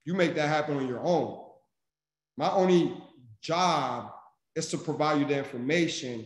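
Energetic preachy guy hyping up his team, kinda high voice, echoey room. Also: moderate pace. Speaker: senior vice president and sales mentor. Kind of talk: motivational speech.

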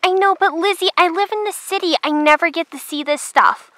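A woman voicing a fussy, excitable young city girl on a trail ride, in a toy horse drama. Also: extremely high pitch, fairly quick, dry recording. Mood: whiny. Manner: whiny, excitable.

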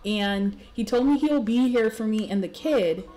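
A woman's voice: a little high, unhurried, warm tone, natural voice. A woman voicing an insistent lovestruck sim. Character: clingy young woman sim, the other lover.

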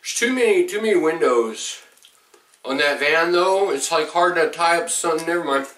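A man opening a box of gifts on camera, excitable and swearing often, his voice jumping up when something thrills him. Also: fairly high pitch, moderate pace, roomy sound, far from the mic. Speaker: vlogger opening a fan mail box. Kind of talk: excited unboxing vlog.

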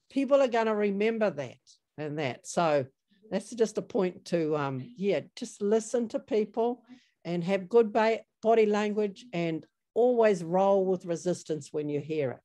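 A woman's voice: medium pitch, a little mellow. A woman giving an online training talk over a video call, chatty and storytelling, with many fillers. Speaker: workshop presenter.

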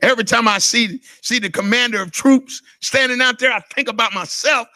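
A man's voice: very high-pitched, brisk, sharp tone, no room sound, studio quality. A middle-aged man preaching a sermon as a pastor, emotional and impassioned.

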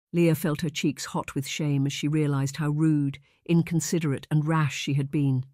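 A man reads audiobook narration at an even, measured pace. His voice sits a little high for a man. The sound is dry and close, with no room around it. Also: no room sound. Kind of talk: scripted narration.

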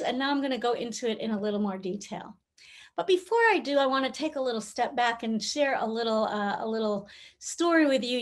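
High-voiced woman telling a story. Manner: warm storytelling, acts out quoted voices. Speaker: keynote speaker. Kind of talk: motivational talk with storytelling. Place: virtual conference, recorded remotely.

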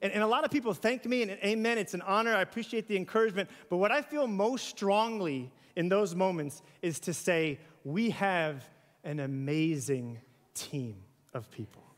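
High-voiced preacher in a hall. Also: male voice. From US South. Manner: animated and conversational, playful asides. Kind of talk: sermon. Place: church sanctuary. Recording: church hall with long reverb.

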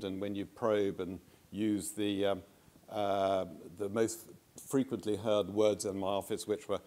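An older man giving a conference speech as a former government minister, measured and anecdotal, with frequent hesitations. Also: fairly low pitch, darkish tone.

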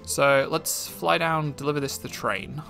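A man's voice: fairly high pitch, normal speed, creaky, bright, forceful tone, soft background music. A man casually commenting on a game as he plays, rambling with fillers and restarts. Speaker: streamer. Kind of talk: let's-play commentary.

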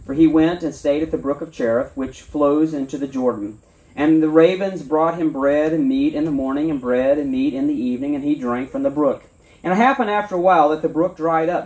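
A man with a slightly high voice preaches at an outdoor church service. He reads scripture in an earnest way, then talks plainly and relaxed, with fillers and restarts now and then. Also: a little fast, far from the mic. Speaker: pastor. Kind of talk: sermon with scripture reading.

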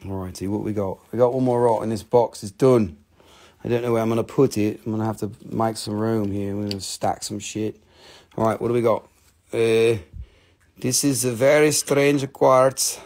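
A man's voice: lowish voice, level tone, a little fast, warm tone. A man hosting a live crystal sale stream, chatty and self-mocking, joking nonstop with viewers. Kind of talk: casual live sales stream banter.

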